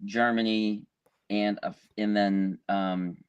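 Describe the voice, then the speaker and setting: A man's voice: lowish voice, level tone, slow, clean tone, no echo. Author guy calling in from home, matter of fact, muffled lo-fi audio. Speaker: author guest. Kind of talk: remote podcast interview. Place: home, near a garage.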